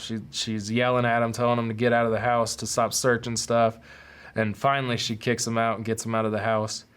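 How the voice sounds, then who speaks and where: A man's voice: medium pitch, smooth. Candid young man recounting his past. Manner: candid, profane, acts out quotes in raised voices. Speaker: podcast host. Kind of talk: personal storytelling.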